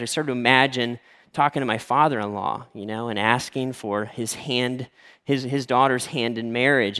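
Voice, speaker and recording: A man in his forties, a pastor telling a story in a sermon with lively acted-out voices. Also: mid-range voice. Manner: animated storytelling, acting out quoted voices. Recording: long hall reverb.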